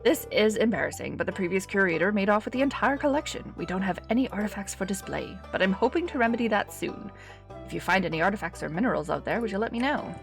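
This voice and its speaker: A woman's voice: mid-range voice, lively intonation, quick pace, vocal fry, soft background music. A woman reading aloud the lines of an apologetic male museum curator from a game, in a plain read-aloud way.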